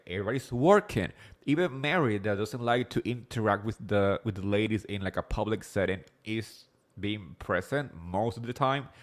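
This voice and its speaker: Fast-talking man with an accent, lower voice. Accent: non-native English accent. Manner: fast and rambling, full of fillers like "like" and "um", swears freely. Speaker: host of a reality TV recap show. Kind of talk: casual live-stream chat.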